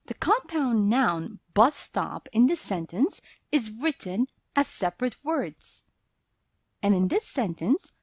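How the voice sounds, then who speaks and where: Woman grammar teacher for a scripted lesson, slow and measured, bright-ish higher voice, dry close sound. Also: sing-song, no room sound. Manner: measured, explanatory delivery reading out example sentences.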